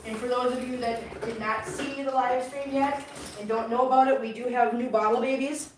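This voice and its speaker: A woman's voice: a little high, steady tone, moderate pace, background noise. A woman chatting earnestly to her viewers and cats while she cleans up at home. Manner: earnest, baby talk to cats. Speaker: cat channel vlogger. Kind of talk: casual chat while cleaning. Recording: echoey room, from a distance.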